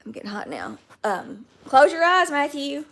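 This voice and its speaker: A Southern woman talking casually on a livestream, greeting her viewers one by one as she chats. Her voice sits a little high and often slips into a gravelly fry. It has the easy, homey feel of a phone-camera stream. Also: huge pitch swings, moderate pace, fairly bright tone. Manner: chatty, talks to viewers by name. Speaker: livestream host. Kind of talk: casual livestream chat reading viewer comments.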